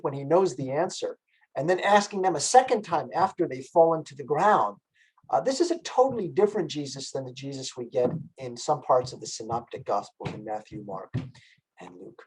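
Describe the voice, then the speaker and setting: A man's voice: a little high, animated, normal speed, slightly rough, low-quality recording. Man giving a lecture on music. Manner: explanatory, asks the audience questions. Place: library event.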